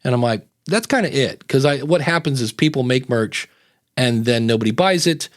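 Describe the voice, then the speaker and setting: A man's voice: medium pitch, lively intonation, normal speed, dry recording, studio quality. A man hosting a live-streamed podcast, chatty and enthusiastic, telling little stories. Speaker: podcast host. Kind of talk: casual chat.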